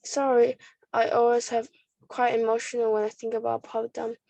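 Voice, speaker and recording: A woman's voice: fairly high pitch, flat delivery, normal speed, gravelly, no echo. A woman doing a big jolly shopkeeper. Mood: kindly. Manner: warm, fatherly, a little muddled.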